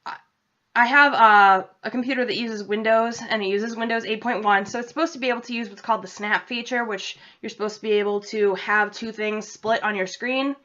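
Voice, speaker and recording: Speaking fairly quickly with a fairly high, fairly bright voice and fairly even intonation, a young New England-accented woman from central Massachusetts vlogs to her laptop camera. She rambles casually and pokes fun at herself, recorded in dull lo-fi webcam audio.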